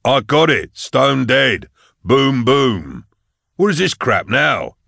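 Man doing a loud, half-drunk male officer. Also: medium pitch, big pitch swings, slow pace, creaky, no echo, studio quality, pitched above the performer's own voice, exaggerated voice. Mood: belligerent. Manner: loud, aggressive.

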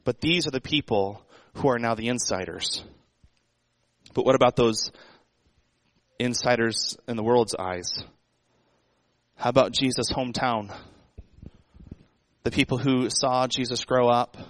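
A man's voice: medium pitch, a little slow, long pauses, a bit bright, no room sound, poor audio. A man preaching a sermon in a conversational way, asking the congregation rhetorical questions. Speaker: pastor.

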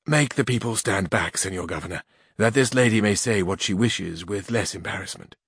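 A man's voice: lowish voice, normal speed, a bit bright, slightly rough, no room sound. Brief: man playing a stern steward in a storybook reading, firm and doubting, dry close sound. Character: stern, skeptical middle-aged male steward.

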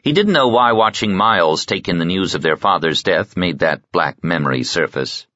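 A man with a very low voice reads an audiobook in a measured, somber way. The recording is dry, with no room around it. It also sounds a little dull and lo-fi. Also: expressive, bright, forceful tone, no echo. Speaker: audiobook narrator. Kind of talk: scripted narration.

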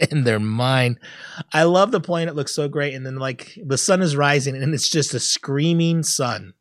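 A man co-hosting a podcast in a casual chat, animated, often laughing and acting out scenes in loud high bursts. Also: measured pace, no echo, studio quality. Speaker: podcast co-host.

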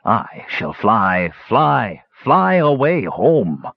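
A lonely, unhinged king rants with grandiose menace, his voice swinging from hushed threats to loud outbursts, as a man acts him out. The tone is husky and lively in pitch. The recording is dull and dry. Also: drawn-out words, no room sound, full character voice.

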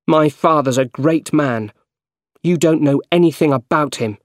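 A man voicing a hurt, defensive young man in a raised, sharp tone. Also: on the high side, a little slow, no echo, clean studio sound, voice pushed up, lightly acted. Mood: upset.

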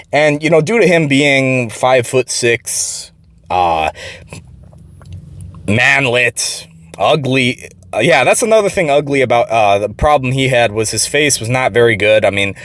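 A man's voice: mid-range voice, a bit bright, dry recording. A man telling a workplace story in a rambling, profane way, full of restarts. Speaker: vlogger. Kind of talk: casual storytelling.

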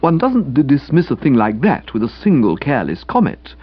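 A man voicing a breezy, self-assured young gentleman who teases with mock-solemn pronouncements in an audiobook reading. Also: mid-range voice, huge pitch swings, moderate pace, breathy edge, dull audio. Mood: mock-reproachful. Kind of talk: audiobook character voice.

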